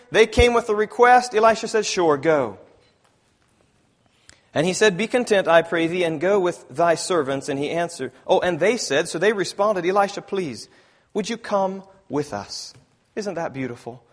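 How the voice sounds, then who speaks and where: A man preaching a sermon who reads scripture aloud, rises to loud emphasis, often clears his throat and corrects himself. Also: fairly high pitch, expressive, moderate pace.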